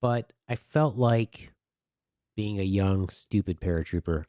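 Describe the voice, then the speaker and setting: Guy on a podcast telling a crude funny story, lowish voice, dry sound. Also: takes it slowly, smooth, dry recording. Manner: animated, crude humor. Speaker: podcast co-host. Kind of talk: casual storytelling.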